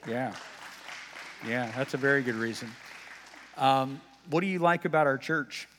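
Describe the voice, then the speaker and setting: Unhurried and a bit bright in his mid-range voice, a pastor gives a conversational, folksy sermon with casual comments to his congregation. The church sanctuary's long reverb is audible, along with a faint crowd and slight background noise.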